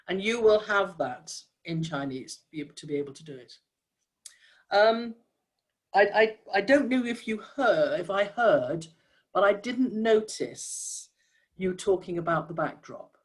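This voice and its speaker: A trainer of audio describers talks through their feedback in a steady, measured way, pausing on fillers and restarting sentences as thoughts form. The voice sits at a middling pitch and comes through a video call. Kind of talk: giving feedback in a workshop.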